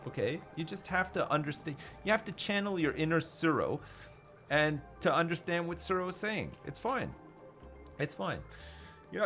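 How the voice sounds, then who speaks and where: Animated, sweary male game streamer. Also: on the high side. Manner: casual, sweary, chatty with chat. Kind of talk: live commentary over gameplay.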